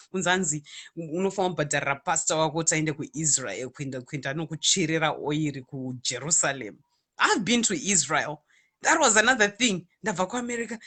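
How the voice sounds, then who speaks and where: An online radio DJ and ministry speaker from Zimbabwe chats casually and animatedly with her viewers, moving between Shona and English in a Zimbabwean accent. Her voice is lowish and bright, with a forceful tone.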